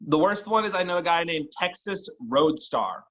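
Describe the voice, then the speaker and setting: Man, game master, casual chatty narration, fairly high-pitched. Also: animated, normal speed, fairly bright tone, highs cut off. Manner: casual, chatty, with restarts and laughs.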